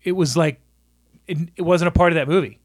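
A man in casual chat about a movie, halting and repeating words as he thinks. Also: on the high side, dry recording, clean studio sound.

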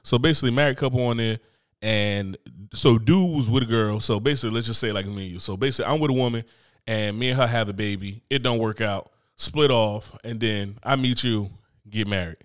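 A man's voice: on the low side, brisk, clear, resonant tone, no echo, clean studio sound. A man co-hosting a podcast in loose, profane comic chat, often acting out other people's voices. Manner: animated, profane, acts out voices. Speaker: podcast co-host. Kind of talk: casual comedic chat. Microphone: studio mic, close.

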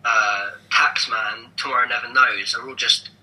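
A young man co-hosting a podcast, talking casually and rambling with lots of restarts and animated asides. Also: mid-range voice, unhurried, poor audio. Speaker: podcast co-host.

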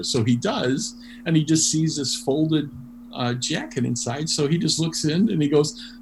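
A man telling a story in an interview, animated and full of restarts and fillers. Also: a little high, a little slow. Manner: animated, many restarts, laughs while telling. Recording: noisy background hum.

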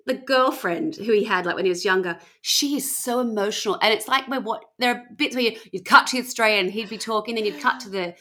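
A woman's voice: mid-range voice, quick pace, hardly any pauses, a bit bright. A woman hosting a podcast, chatting casually as she retells a story, laughing often and acting out the people she quotes. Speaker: podcast host telling a story.

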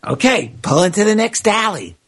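An elderly nun who takes everything in stride, speaking in a high, sing-song voice that rises and falls, played by a man telling a joke. Her tone stays gentle and calm. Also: normal speed, husky, heavily acted. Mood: coy. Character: elderly female nun, kindly and unflappable.

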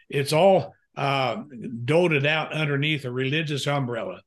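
In an interview, an older pastor and counselor shares a frank personal story, speaking earnestly and haltingly with many fillers. His pitch is medium.

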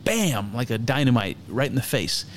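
A man's voice: medium pitch, big pitch swings, moderate pace, slight background noise. A man giving casual spoken commentary on scripture, frank and irreverent, swearing freely and thinking aloud with lots of fillers.

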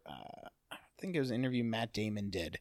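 A man in casual chat, talking things through in a relaxed, thoughtful way. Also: lowish voice, quick pace, no echo.

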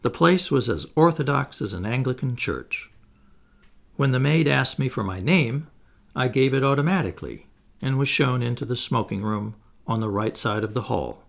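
A man narrates a classic novel in the first person, at a measured pace. His voice is gravelly, and his intonation moves widely through each sentence. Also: mid-range voice, animated. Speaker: audiobook narrator. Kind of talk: audiobook reading of a classic novel.

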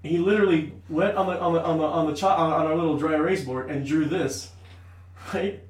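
A man in his thirties telling a story on a podcast in an animated, profane way, laughing often. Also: fairly high pitch, a little fast. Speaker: podcast co-host. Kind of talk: casual storytelling. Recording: echoey room, a bit off-mic, faint hiss.

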